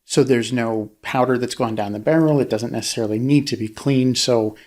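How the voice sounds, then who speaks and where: A man's voice: medium pitch, a little fast, a little mellow. A man co-hosting a casual true-crime discussion, explaining things step by step with fillers. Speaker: podcast co-host.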